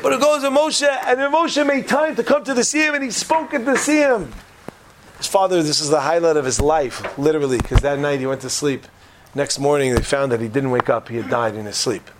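A man teaching a lively Torah class in a casual, joking way, often asking his listeners questions. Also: a little high, fairly quick, slight background noise. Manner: animated, jokey, asks the audience questions.

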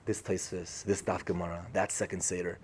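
In a low-pitched voice with little pitch movement, a man briskly tells a Torah parable as an informal sermon. He keeps it conversational, repeats phrases and acts out quoted voices, and the audio has slight hiss or hum.

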